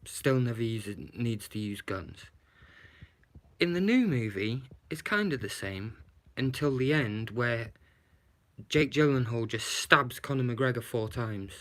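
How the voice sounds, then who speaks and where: A man rants through a movie review on a handheld phone live stream, swearing freely and firing off rhetorical questions. His voice sits at an ordinary middle pitch for a man. He sounds exasperated as he keeps circling back to what makes no sense. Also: lively intonation, measured pace, fairly bright tone. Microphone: handheld phone camera, shaken while talking.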